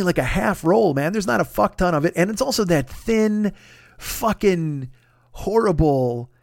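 A man's voice: high-pitched, no room sound, studio quality. A man, a comedian and show host, telling a story in a profane, exasperated rant full of rhetorical questions. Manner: exasperated, swears constantly, rants with rhetorical questions. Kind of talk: profane comic storytelling monologue.

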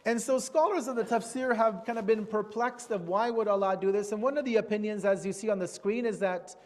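A man with a fairly high voice delivers a religious lecture, explaining each point patiently and returning to key terms. A long reverb trails behind his words, as in a large hall. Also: a little fast, darkish tone. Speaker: Islamic teacher.

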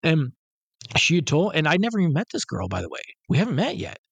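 A man's voice: fairly high pitch, wildly swooping pitch, rapid-fire, creaky, husky, dry recording, highs cut off. A man co-hosting a podcast, telling a rambling, profane story and acting out the quotes. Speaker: podcast co-host. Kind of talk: casual storytelling chat.

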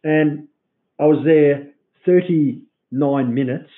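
A man's voice: fairly high pitch, slow pace. An Australian man complaining in casual chat, sweary and exasperated. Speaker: podcast co-host. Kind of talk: crude casual rant. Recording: tinny phone-like audio.

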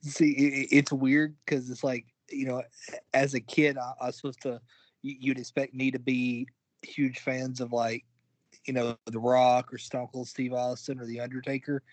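Male co-host, flat and halting, dry close sound. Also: mid-range voice, dry recording. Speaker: podcast co-host. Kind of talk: casual chat.

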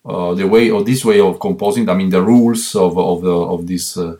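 A man with an Italian accent, a guest on a remote call, speaking English as a second language with many pauses and restarts. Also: sits low, steady tone, dark tone. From Italy. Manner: halting, many fillers and restarts, earnest. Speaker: guest musician. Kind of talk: interview answers.

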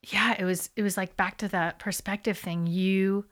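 A woman at an ordinary, middle pitch tells a personal story in a casual chat. She talks in animated bursts and fills her sentences with likes and ums. She often stops and restarts a thought. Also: normal speed.

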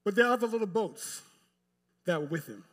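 A male pastor preaching a sermon to a live congregation in a church, speaking emphatically with long pauses and addressing the pews directly. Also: high-pitched, expressive, fairly bright tone.

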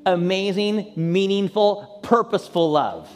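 A man's voice: lively intonation, measured pace, long reverb tail. A man preaching as a pastor, then leading an impassioned prayer that swells at its peaks. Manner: impassioned prayer, rising high and loud at peaks. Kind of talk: sermon closing and prayer.

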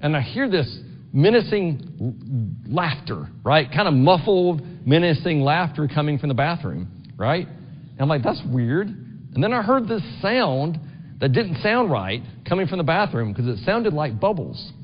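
A man's voice: fairly high pitch, big pitch swings, measured pace, slight background noise. A middle-aged man preaching a sermon in a church, talking conversationally and often asking the congregation "right?". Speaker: pastor. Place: church sanctuary. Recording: dull long-reverb church recording.

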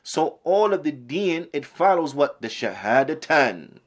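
A man's voice: on the high side, big pitch swings, measured pace. A man teaching a religious lesson who asks rhetorical questions, quotes Arabic and then translates it. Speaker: Islamic teacher. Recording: podcast lesson recording.

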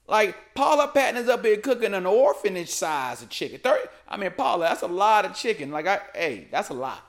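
A young man riffs through a loose comedy rant, his voice sitting high and leaping all over the place. He talks slangy and casual, tossing in "man" every few lines. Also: normal speed, few pauses. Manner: animated, slangy, keeps saying "man". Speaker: comedic commentary host.

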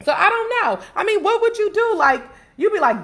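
A woman hosting a podcast in casual chat, animated and laughing as she talks to listeners. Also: very high-pitched, fairly quick, hardly any pauses. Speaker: podcast host.

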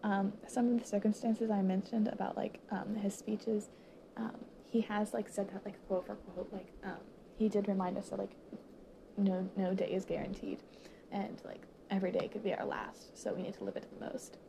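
Choked up and in tears, a high school student in her late teens talks to viewers in a halting, emotional monologue with many pauses that keeps falling into whispers. Her creaky voice has a flat delivery, and the background is noisy.

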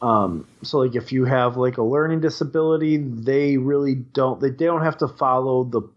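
A man's voice: mid-range voice, moderate pace, dull audio. A young man from Wisconsin, co-hosting a podcast, telling a long story in casual chat, rambling and swearing with lots of fillers. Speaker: podcast co-host.

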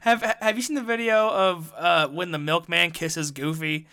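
A man's voice: a little high, moderate pace, sharp tone, smooth. A man co-hosting a podcast in casual chat, playful and jokey as he tells stories.

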